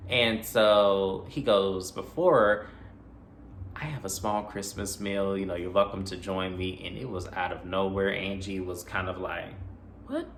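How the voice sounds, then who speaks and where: A man recapping a horror movie plot in a casual, animated way, acting out the characters' lines and adding his own asides. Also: low voice, a little slow, slight background noise. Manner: animated retelling with quoted voices and asides. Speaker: movie reviewer. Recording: echoey room with faint ambience.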